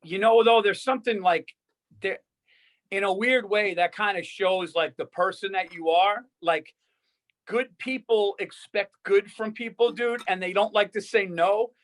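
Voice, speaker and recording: A man's voice: sits high, unhurried. A man co-hosting a podcast who talks in loose, rambling casual chat and laughs easily. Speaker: podcast co-host.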